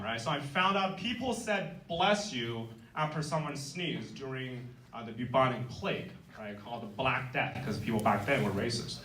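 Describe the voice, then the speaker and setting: A young man from China performing a crude, irreverent stand-up set with deadpan punchlines in front of a live university crowd. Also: medium pitch, noisy background. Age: young adult. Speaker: stand-up comedian. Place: university comedy event before a live audience. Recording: echoey room, distant mic, loud audience laughter.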